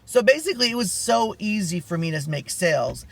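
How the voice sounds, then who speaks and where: A man with a soft, feminine-sounding voice telling a rambling story in a casual vlog chat. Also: high voice, brisk, gravelly. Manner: rambling, animated storytelling with many asides. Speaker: vlogger.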